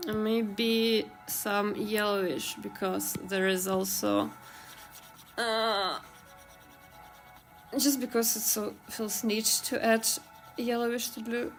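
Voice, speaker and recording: A woman's voice: mid-range voice, fairly even intonation, slow pace, long pauses, soft background music. Giggly woman with a Slavic accent. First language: Ukrainian. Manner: chatty, giggly, trails off with many fillers. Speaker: streamer and artist. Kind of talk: casual live-stream chat while drawing.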